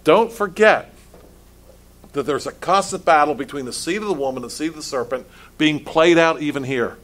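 A man's voice: on the high side, normal speed, a bit bright. Man preaching with pressing questions. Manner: preaching with rhetorical questions and repeated restarts. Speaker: pastor. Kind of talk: sermon.

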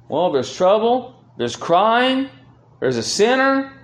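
A man's voice: sits high, very animated, slow. A man preaching a sermon as pastor, speaking earnestly and swelling with feeling when he reads scripture aloud. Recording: roomy echo.

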